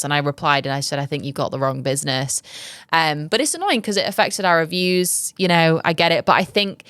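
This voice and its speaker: A woman's voice: sits low, a bit bright, clean tone, no echo. A young woman hosting a podcast, giving candid business advice in a chatty way, full of ums and likes. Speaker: podcast host. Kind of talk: casual advice chat.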